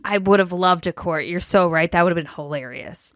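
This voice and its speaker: A woman's voice: fairly low pitch, brisk, dry recording, clean studio sound. A woman co-hosting a podcast, giving chatty, wry, opinionated recaps of a reality TV episode. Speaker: podcast co-host. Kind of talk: casual reality TV recap chat.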